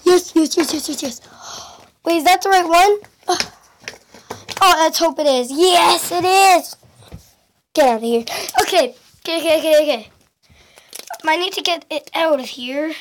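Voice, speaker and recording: A woman chatting excitedly in a casual home vlog, giggling and exclaiming as she shows off her things to a handheld camera. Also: high voice, slight background noise. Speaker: vlogger. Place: at home indoors.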